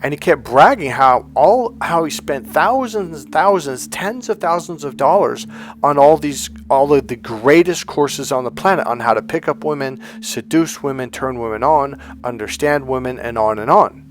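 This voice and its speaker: Male dating coach, mid-pitched, blunt storytelling monologue, profane, repeats for emphasis. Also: expressive, moderate pace, slight background noise.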